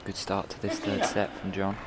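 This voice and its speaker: A man with a southern English accent giving calm, matter-of-fact co-commentary on tennis. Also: sits low, normal speed. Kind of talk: live sports commentary. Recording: loud background noise at a live venue.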